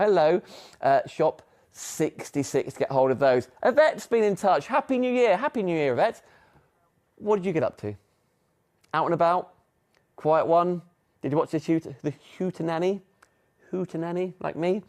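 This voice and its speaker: A man's voice: on the high side, a little mellow, clear, resonant tone. Man, middle-aged, shopping-channel host, chatty sales patter, slightly raised voice. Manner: chatty, upbeat sales patter with asides to viewers. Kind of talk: live TV shopping demonstration.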